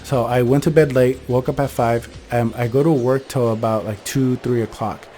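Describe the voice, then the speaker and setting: Young male host, casual ghost-story telling, talks fast and rambles, mid pitch, soft music under him. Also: steady tone. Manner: fast, rambling, full of fillers and self-corrections. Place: bedroom in his childhood home.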